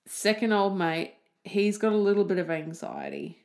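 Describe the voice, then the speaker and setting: A woman's voice: medium pitch, fairly even intonation, normal speed, a little mellow. An Australian woman hosting a podcast, telling a story in a chatty, jokey way and laughing at her own asides. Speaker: podcast host.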